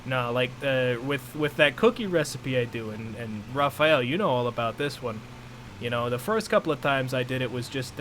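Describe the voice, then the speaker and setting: A man's voice: medium pitch, slight background noise. Rambling young man chatting on stream. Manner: relaxed, rambling, full of fillers. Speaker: streamer host. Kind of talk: casual chat on stream.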